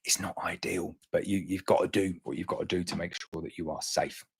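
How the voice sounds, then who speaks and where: A man hosts a casual live beekeeping chat, answering viewers with a rambling, easygoing flow. His speaking voice sits a little low, and it jumps up sharply whenever he reads out a viewer's name. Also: fairly even intonation, a little fast, vocal fry, noisy background. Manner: chatty, rambling, jumps up in pitch to read out names. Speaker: beekeeping livestream host.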